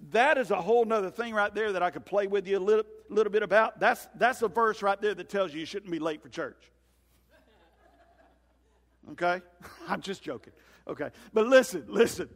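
A man with a drawl preaches a sermon, folksy and lively in the way he talks. His voice sits high for a man. The sound carries a long hall reverb around it. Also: normal speed. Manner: folksy, animated, acts out scenes in comic voices. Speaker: pastor.

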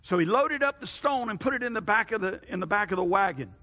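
Husky preacher telling a story. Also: male voice, high-pitched. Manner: animated, halting narration with repeated restarts. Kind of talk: sermon storytelling. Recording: long hall reverb.

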